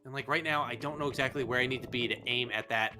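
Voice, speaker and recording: Exasperated swearing man with a bright voice. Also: mid-range voice, fairly even intonation, quick pace, faint music behind. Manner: exasperated, swearing, frustrated ranting. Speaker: let's play host. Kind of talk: casual gameplay commentary.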